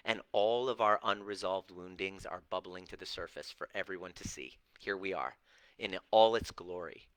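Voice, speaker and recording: With a deep, smooth voice at a moderate pace, a middle-aged relationship and healing coach answers viewers directly on camera. He's blunt and preachy, throwing in profanity and mocking put-on voices; the recording is low-quality but has no echo.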